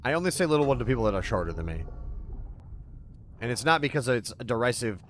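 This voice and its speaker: A man's voice: medium pitch, very animated, fast, a little hiss or hum. Playful swearing man streaming a game. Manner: playful, rambling, swears freely, talks to chat. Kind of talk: casual livestream chat while gaming.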